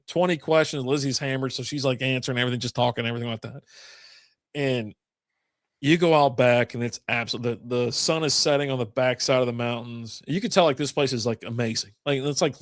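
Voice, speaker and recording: A man's voice: mid-range voice, fairly quick, dry recording, clean studio sound. A man with a drawl, co-hosting a podcast, rambling through stories over beers and swearing freely. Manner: rambling storyteller, swears a lot. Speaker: podcast co-host. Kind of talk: casual chat over beers.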